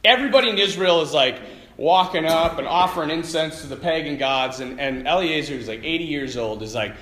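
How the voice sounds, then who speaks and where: A man giving a lively faith talk to a group, telling stories and acting out the voices in them. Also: on the high side, brisk, echoey room. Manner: animated storytelling, acting out quoted voices. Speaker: Catholic speaker.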